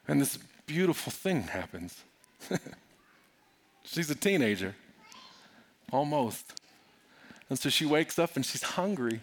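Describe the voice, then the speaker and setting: A middle-aged man preaching a sermon, moving from soft, confiding talk to loud, urgent preaching. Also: on the high side, sing-song, takes it slowly, long pauses. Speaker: pastor.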